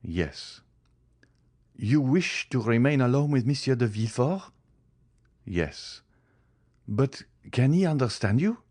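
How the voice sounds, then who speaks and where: A man's voice: mid-range voice, animated, slow, long pauses, a little mellow, dry recording, clean studio sound, voice pushed up. A man voicing an impassioned young man in an audiobook, pleading and swearing vengeance. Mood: urgent.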